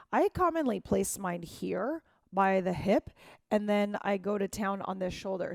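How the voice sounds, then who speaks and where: A woman's voice: medium pitch, a little mellow, dry recording. Woman dance teacher, encouraging, counts out beats, dry close sound. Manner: encouraging, counts beats aloud and scats rhythms. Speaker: dance instructor. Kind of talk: dance class instruction.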